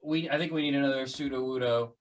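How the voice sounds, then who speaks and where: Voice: medium pitch, fast. A podcast host in casual chat, joking and playful as he wraps up the show. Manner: playful, jokey, lively sign-off.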